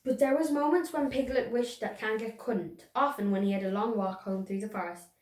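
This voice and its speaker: A woman's voice: fairly high pitch, a little fast. Young woman reading a storybook aloud. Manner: expressive, storytelling. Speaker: storybook reader. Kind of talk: reading aloud a children's book. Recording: roomy echo.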